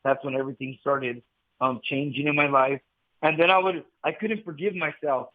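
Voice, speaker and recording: A man's voice: fairly high pitch, normal speed. A man in his forties from Southern California, a guest telling his story intensely and repeating himself, on a remote call line. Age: 40s. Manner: intense, repetitive, calls the host bro. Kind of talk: casual storytelling conversation. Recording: tinny phone-like call line.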